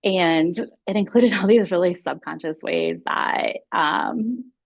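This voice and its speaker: A woman's voice: on the low side, wildly swooping pitch, slow, vocal fry, no echo, lo-fi sound. A woman speaking as a guest mindfulness teacher, telling her own story openly and confessionally. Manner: open and confessional, acts out her own past thoughts. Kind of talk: candid personal storytelling.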